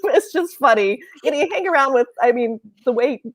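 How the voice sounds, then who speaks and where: A woman hosting a casual livestream chat, chatty and quick to laugh as she tells stories. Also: high voice, no echo. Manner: chatty, laughs often, lively storytelling. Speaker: host.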